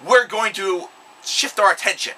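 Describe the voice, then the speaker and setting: Guy doing a screechy furious kaiju monster, yelling, sharp bright voice. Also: sits high, moderate pace, voice pushed up. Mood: roaring angry. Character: furious roaring giant male monster.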